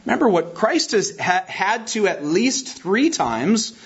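A man's voice: high voice, very animated, unhurried, fairly bright tone, breathy edge, highs cut off. A man preaching a sermon in an earnest, emphatic way, often restarting and repeating phrases.

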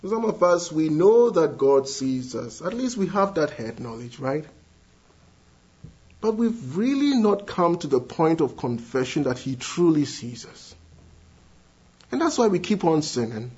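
High-voiced guy preaching, earnest, goes quiet then builds up loud, kinda muffled lo-fi audio. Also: very animated, measured pace, breathy edge. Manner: earnest, swings between hushed and rising emphatic appeals. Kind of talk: sermon. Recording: dull lo-fi sound.

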